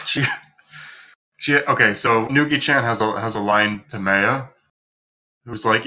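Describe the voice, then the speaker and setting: A man co-hosting a casual podcast, making quick joking asides and laughing at his own jokes. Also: medium pitch, steady tone, pushed and bright, muffled recording. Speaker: podcast co-host.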